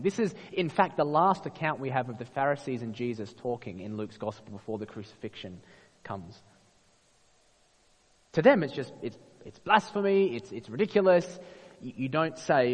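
A man preaching a sermon, expressive and full of rhetorical questions. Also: on the high side, husky. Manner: expressive, rhetorical questions, acts out quoted voices. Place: church. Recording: long reverb of a church hall.

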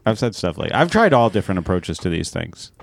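Animated man in casual banter. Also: low-pitched, fairly quick, gravelly. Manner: animated, laughing storyteller.

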